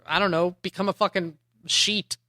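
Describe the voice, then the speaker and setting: A woman's voice: on the low side, steady tone, moderate pace, bright, forceful tone, no echo, clean studio sound. A woman co-hosting a podcast, animatedly retelling a comic book plot with lots of "like" and casual swearing. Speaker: podcast co-host. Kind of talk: casual chat recapping a comic.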